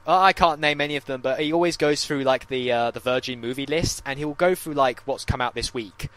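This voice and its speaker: A man co-hosting a casual podcast chat, telling animated stories, swearing freely and mimicking other people. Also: medium pitch, fairly quick, no echo. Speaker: podcast co-host.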